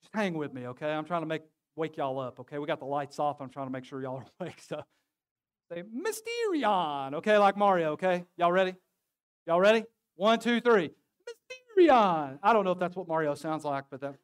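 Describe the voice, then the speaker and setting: A man's voice: a little high, quick pace, smooth. A man preaching a sermon as pastor, joking and calling on his congregation to answer back. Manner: lively, joking, calls on the congregation to respond. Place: church sanctuary.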